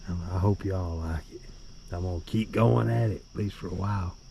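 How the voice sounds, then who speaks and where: A man's voice: deep voice, a little fast, gravelly. A tipsy man vlogging by a river on a handheld camera, rambling and cursing with chuckles in between. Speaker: bikepacking vlogger. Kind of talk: rambling outdoor vlog. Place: outdoors by a river. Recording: outdoor recording with loud nature noise. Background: crickets and insects.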